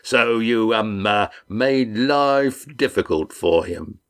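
A man reading the part of a tough innkeeper, speaking in a calm, dry, teasing way. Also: fairly low pitch, slow, pitched above the performer's own voice, exaggerated voice. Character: tough, wry innkeeper, calm under threat.

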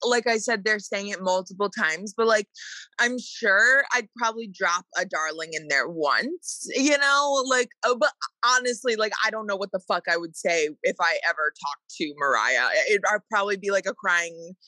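Female co-host, bright voice, candid and filler-heavy, dry sound. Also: mid-range voice, lively intonation, normal speed, dry recording, poor audio. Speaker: podcast co-host. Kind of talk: casual chat.

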